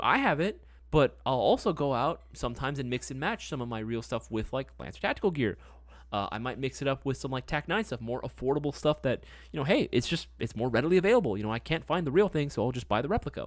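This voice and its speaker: A man's voice: mid-range voice, very animated, fast, no echo. A young man hosting a casual live stream, talking in a laid-back, slangy way and often tagging on "right?" and "man". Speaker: livestream host.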